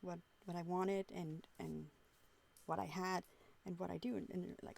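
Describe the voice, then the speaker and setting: A woman streamer in casual group chat, telling stories with animated quoted voices. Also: fairly low pitch, moderate pace, creaky.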